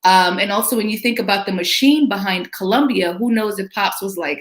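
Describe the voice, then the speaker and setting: A woman's voice: medium pitch, a little fast, hardly any pauses, echoey room. A woman hosting a casual movie discussion podcast, thoughtful and conversational. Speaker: podcast host.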